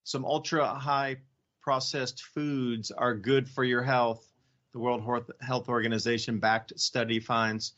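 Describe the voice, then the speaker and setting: A man's voice: mid-range voice, level tone, takes it slowly, fairly bright tone. Guy hosting a radio show, rambly and sarcastic, kinda dull lo-fi sound. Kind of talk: casual radio talk. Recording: slightly dull lo-fi audio.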